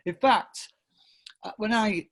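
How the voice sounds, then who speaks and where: A man's voice: high-pitched, slow pace, vocal fry. A middle-aged man from England, a podcast guest telling stories casually, rambling with many restarts and often laughing. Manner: rambling, self-interrupting with many restarts and fillers. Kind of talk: casual storytelling interview.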